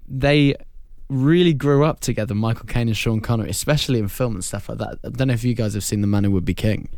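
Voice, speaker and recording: Man, co-host, chatty, laughs easily, mid-pitched, dry. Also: fast, gravelly, darkish tone, no echo. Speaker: podcast co-host. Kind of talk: casual film discussion.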